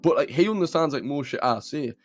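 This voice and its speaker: A man's voice: fairly high pitch, expressive, fast talker, faint music behind. A young man with a Geordie accent, co-hosting a podcast in casual chat, rambling with lots of fillers and swearing. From North East England. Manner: rambling, swears freely, many fillers and restarts. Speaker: podcast co-host.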